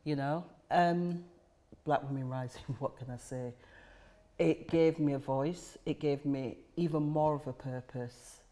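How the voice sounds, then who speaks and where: A woman's voice: low voice, steady tone, measured pace, warm tone. A woman, the chair of a charity, talking reflectively in a podcast conversation and repeating key phrases for emphasis.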